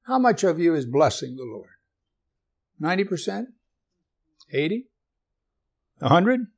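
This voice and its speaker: A man's voice: a little high, big pitch swings, a little slow. A man preaching a sermon, reading scripture aloud and asking his listeners questions, with light humor. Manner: asks the congregation questions, jokes gently.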